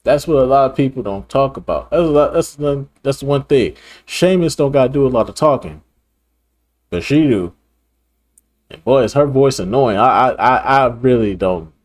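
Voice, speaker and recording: Brief: mid-pitched man, blunt profane reaction host. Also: fairly quick, hardly any pauses. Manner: blunt, profane, laughs and repeats himself. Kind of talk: casual reaction commentary.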